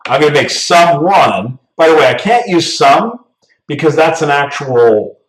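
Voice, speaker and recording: A man with a medium voice talks through a coding lesson in a relaxed, step-by-step way, often tagging his points with "right?". The sound is roomy and echoey, and he sits back from the mic. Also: on the high side, a little slow, far from the mic. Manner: casual, talks through steps, tags "right?". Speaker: programming instructor. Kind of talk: screen-recorded coding lesson.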